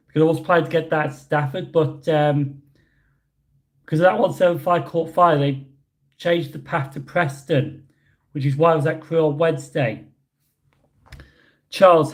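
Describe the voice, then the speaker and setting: A British man casually chatting with his livestream audience and answering chat questions, rambling with many pauses. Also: a little high. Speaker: livestream host reading chat. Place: indoors, hotel room.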